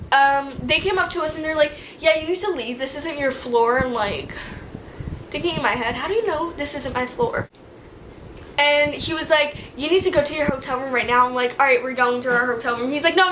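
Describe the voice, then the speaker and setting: Young woman vlogger doing storytime, high pitched and sharp, super casual and slangy. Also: a little hiss or hum, low-quality recording. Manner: animated, acts out quotes in a slangy casual way. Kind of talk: storytime vlog. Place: indoor room.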